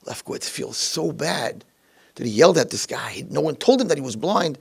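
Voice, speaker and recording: Animated rabbi telling a story. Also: male voice, on the high side, normal speed, creaky, husky. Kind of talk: storytelling lecture.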